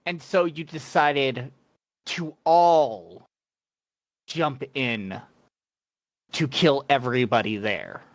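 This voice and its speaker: A game master voicing a calm, authoritative woman mentor who asks firm questions. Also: mid-range voice, slow, long pauses, no room sound.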